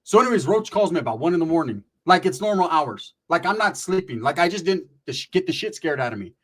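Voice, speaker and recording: Husky-voiced man telling a street story. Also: fairly high pitch, quick pace. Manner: profane, streetwise slang, animated retelling. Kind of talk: casual storytelling.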